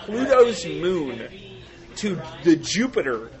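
A man's voice: sits high, big pitch swings, slow pace. A man co-hosting a soccer podcast in casual chat, ranting and repeating himself as he builds a point. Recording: loud crowd behind.

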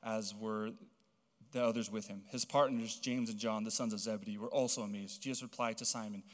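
A young man from Hawaii preaching a sermon, telling stories in a chatty, animated way full of casual fillers. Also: on the low side, a little fast. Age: young adult. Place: church auditorium. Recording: long reverb of a large hall.

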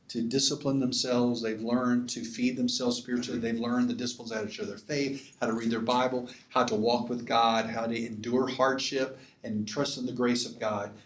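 A man teaching at a conference like a pastor, emphatic and often asking the audience for agreement. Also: medium pitch. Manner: emphatic, asks the crowd for assent. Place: conference hall. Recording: echoey hall.

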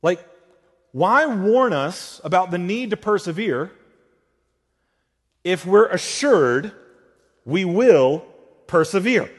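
A pastor preaching a sermon, swinging between loud emphatic lines and hushed ones. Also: male voice, mid-range voice, husky, long reverb tail.

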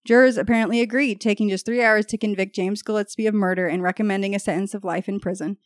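A woman's voice: medium pitch, fairly even intonation, quick pace, dry recording. Woman telling a true crime story, dry close sound, keeps joking around between the facts. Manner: reads case details, breaks off to joke and laugh.

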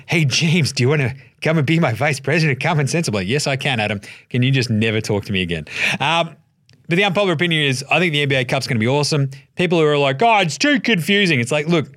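An Australian man hosting a solo sports podcast, swearing freely and joking, acting out other people's lines in quick put-on voices. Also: medium pitch, a bit bright, dry recording, studio quality. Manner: profane, jokey, acts out quoted voices. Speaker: podcast host.

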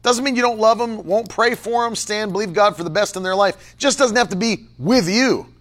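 In a high, somewhat bright voice, a man delivers an emphatic livestream sermon. He keeps returning to his key phrases and breaks off at times to read viewers' comments out loud.

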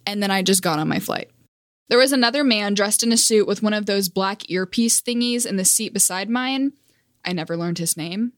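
A young woman recounts an embarrassing trip in a casual vlog monologue, in a voice of everyday pitch. She pokes fun at her own awkwardness and laughs at herself. The recording is close and dry. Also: dry recording. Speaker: vlogger.

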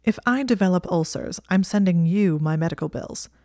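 Sardonic young wizard, as a woman reader voices him, exasperated, dry wit, low mellow voice. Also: normal speed, dry recording, natural voice. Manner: wry, sardonic, aggrieved.

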